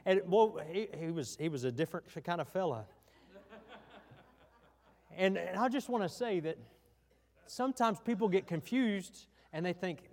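A man's voice: high voice, animated, a little slow, pauses often, darkish tone. Folksy preacher man in a reverberant hall. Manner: folksy preaching with frequent restarts. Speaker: pastor. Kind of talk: sermon. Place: church sanctuary.

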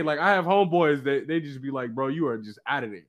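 A man telling a personal story in casual chat, animated and slangy. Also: mid-range voice, fast talker. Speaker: guest.

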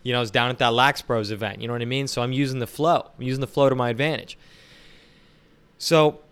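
A man's voice: mid-range voice, steady tone, fast talker, a bit bright, smooth. A young man telling a long casual story, rambling with lots of fillers like "you know what I mean". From Pittsburgh area, Pennsylvania.

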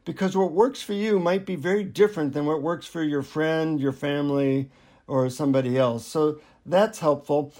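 A male author on an interview show, talking in a relaxed, anecdotal way. He pokes gentle fun at himself as he goes, and his voice sits somewhat high for a man. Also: moderate pace. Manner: relaxed, self-deprecating, anecdotal. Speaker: author and guest. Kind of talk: interview storytelling.

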